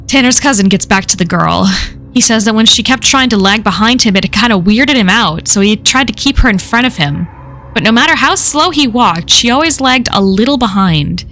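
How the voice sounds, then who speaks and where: A woman's voice: fairly high pitch, animated, normal speed, fairly bright tone, soft background music. A woman reading a first-person horror story aloud in a casual, profane way. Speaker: story reader.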